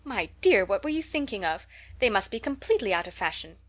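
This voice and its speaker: A woman's voice: medium pitch, big pitch swings, brisk, a bit bright. A woman voicing a fussy, scolding, fashion-minded society matron in an audiobook reading, prim and nagging.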